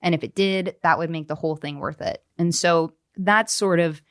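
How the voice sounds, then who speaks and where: A woman's voice: fairly low pitch, moderate pace, no room sound, clean studio sound. A woman in her thirties, an author guest on a podcast, speaking candidly and animatedly with frequent fillers. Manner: animated, acts out quoted voices, frequent fillers.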